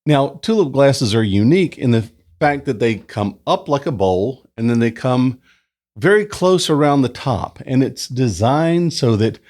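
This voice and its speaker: A man hosting a casual beer review, chatting at home into a new microphone. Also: unhurried. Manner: chatty, relaxed, lively pitch. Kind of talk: casual review with read-out history segment. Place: indoors at home, summer. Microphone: new desk microphone.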